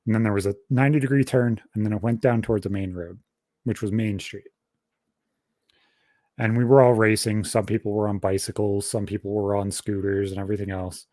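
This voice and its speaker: A man's voice: on the low side, fairly quick, dry recording, clean studio sound. A young man casually telling a long story on a podcast, swearing constantly and rambling through details. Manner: profane, rambling, animated storytelling. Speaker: podcast host.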